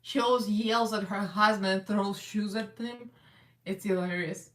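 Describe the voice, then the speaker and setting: A woman's voice: medium pitch, fairly even intonation, a little slow, a bit bright. A woman hosting a casual live makeup chat, chatty and rambling, laughing often as she works. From Russian American. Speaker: makeup livestream host. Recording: echoey room, voice a little far from the mic.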